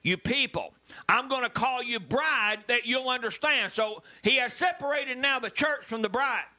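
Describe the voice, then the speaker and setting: A man preaching a sermon as pastor, animated and bursting into loud emphasis. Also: very high voice, normal speed.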